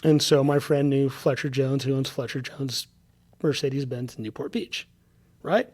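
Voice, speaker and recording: A podcast guest tells stories in casual conversation, animatedly acting out what people said to him. His voice is medium in pitch and moves at a moderate pace.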